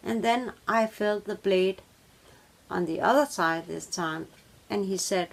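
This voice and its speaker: Woman narrating a personal true story, slow and halting, with a gravelly edge. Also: mid-range voice. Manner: halting, with pauses and fillers. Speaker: vlogger telling a true story.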